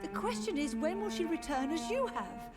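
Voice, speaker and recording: Brief: high, lively-voiced old mother, lost in grief, wistful and drifting, video game dialogue over loud score. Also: moderate pace, over loud music. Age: older. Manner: wistful, drifting, gently insistent. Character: frail grieving old mother, confused, haunted by her dead. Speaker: game character.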